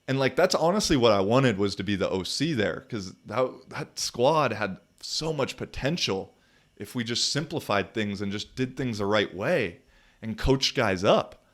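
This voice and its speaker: A man's voice: lowish voice, lively intonation, measured pace. A young man hosting a podcast and telling a story in a loose, profane, rambling way with lots of fillers. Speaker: podcast host and football player.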